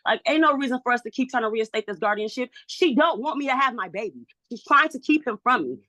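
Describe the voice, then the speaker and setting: Woman, frustrated, pleading, repetitive, fairly high voice, dry sound. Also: lively intonation, fast, bright, forceful tone, no echo. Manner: agitated, pleading, repeats herself. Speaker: parent in a custody hearing. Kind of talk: emotional courtroom testimony.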